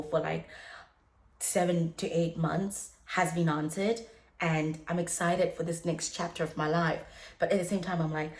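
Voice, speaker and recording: A young adult woman vlogging in a casual, chatty way, animated and laughing often, with many fillers. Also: lowish voice. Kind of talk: casual chat. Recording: echoey room.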